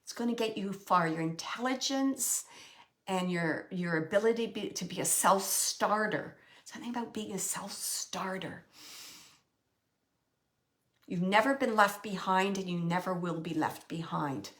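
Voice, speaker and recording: A woman giving a spiritual reading as a medium, gently relaying messages and pausing often to search for words. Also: medium pitch. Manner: halting, searching for words, many pauses and fillers. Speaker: psychic medium.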